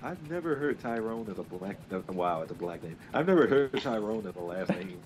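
A man's voice: lowish voice, expressive, fairly quick, darkish tone, soft background music. A man chatting casually over a multiplayer game, often exclaiming in disbelief. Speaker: gamer.

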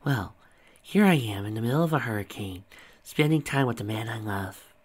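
A man voicing a nonchalant, whimsical mature woman who is a school principal, in a relaxed conversational reading. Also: mid-range voice, normal speed, slightly rough. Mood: teasing.

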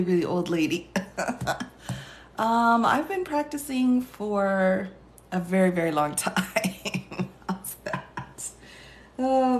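A woman who is a lawyer and law teacher, hosting a casual live stream, chatting and laughing often as she reads viewer comments aloud. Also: medium pitch. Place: indoor room, streaming live. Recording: roomy echo.

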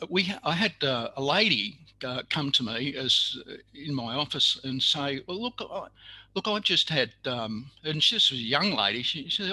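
An older man, telling a story in an interview, halting with many fillers and restarts. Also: mid-range voice, bright, forceful tone, no echo, rough recording.

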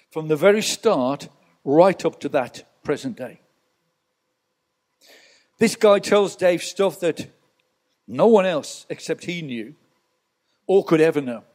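Man preaching a sermon, slightly high voice. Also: a little mellow. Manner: storytelling, rhetorical asides to the congregation. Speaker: pastor. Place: church.

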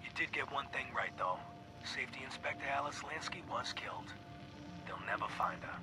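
A man's voice: mid-range voice, animated, a little fast, music in the background, natural voice, rough recording. An actor playing a scheming male mob boss, talking smugly and menacingly in a recorded game audio log. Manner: smug, menacing.

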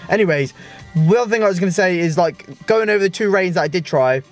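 Faint music plays behind a fast-talking young British man whose voice sits high. He chats to camera in a casual, sweary, slang-filled vlog with an English accent, ending lines with "mate", moving from home to the car and outdoors.

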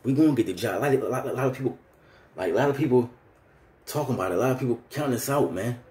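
Man, 30s, heated fan rant, street slang, middle pitch, echoey room. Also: animated, racing, mellow. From Philadelphia. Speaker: vlogger.

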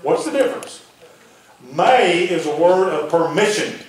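A man preaching a folksy sermon as pastor, dropping his voice low to press a point. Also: expressive, a little slow. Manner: folksy preaching, drops to near-whisper for emphasis. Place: church hall. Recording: very echoey room from far off, faint noise.

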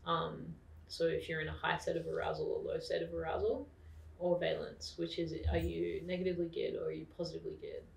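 An Australian woman talks in a calm, explanatory way, her voice carrying a gravelly fry. She sits back from the microphone in a roomy space that rings around her words. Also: deep voice, brisk. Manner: calm, explanatory, with frequent fillers. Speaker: podcast guest. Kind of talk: casual interview talk. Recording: roomy, distant mic.

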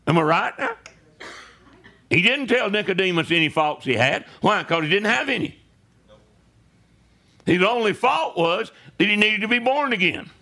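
Gravelly preaching man, conversational. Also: high-pitched, lively intonation, moderate pace, long pauses, sharp tone. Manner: conversational preaching with frequent "right?" asides. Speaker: pastor. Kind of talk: sermon. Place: church sanctuary.

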